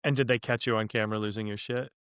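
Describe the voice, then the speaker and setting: A man's voice: fairly low pitch, fairly even intonation, very fast, a bit bright, smooth, no echo, clean studio sound. A man hosting a podcast as a chef, asking short questions and reacting in a casual chat. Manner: brief reactions and questions, reads sponsor ads.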